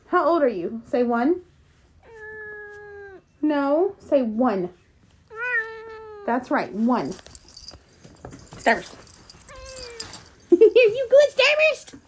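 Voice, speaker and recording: A woman's voice: high voice, a little mellow, a little hiss or hum. A woman hosting a podcast who talks in coaxing baby talk to her pet cat, asking it sing-song questions. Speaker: pet owner and podcast host.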